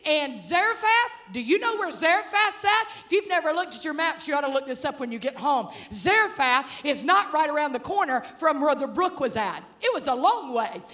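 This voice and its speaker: A woman preaching a sermon, animated, acting out the voices of the story and calling out to the congregation. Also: high voice, moderate pace, few pauses. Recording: reverberant hall.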